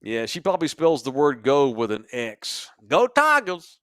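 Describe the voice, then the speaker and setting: A man's voice: medium pitch, normal speed, no echo. Man, crude comedic storytelling, mocking, dry close mic. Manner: profane, animated, mocking. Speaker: podcast co-host. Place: sports bar studio.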